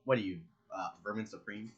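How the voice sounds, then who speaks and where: A man's voice: lowish voice, a little fast, breathy edge, highs cut off. A man co-hosting a casual podcast, rambling and arguing with a laugh. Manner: rambling, argumentative, laughs a lot. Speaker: podcast co-host. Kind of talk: casual chat.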